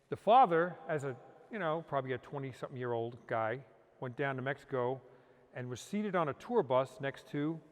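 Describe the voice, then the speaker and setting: A man with a somewhat high voice tells stories in a loose, rambling way, often restarting his sentences. His voice trails off into a long reverb, as if recorded in a large hall. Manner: rambling, with frequent restarts and "you know". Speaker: interview guest, car hunter. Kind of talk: casual storytelling.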